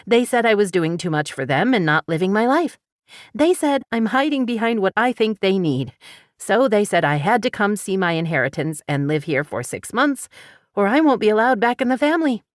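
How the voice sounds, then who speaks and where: A woman voicing a young woman who is a sad, overwhelmed newcomer, talking in a hurried, emphatic way. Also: mid-range voice, big pitch swings, no echo, studio quality, pitched above the performer's own voice, natural voice. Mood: upset.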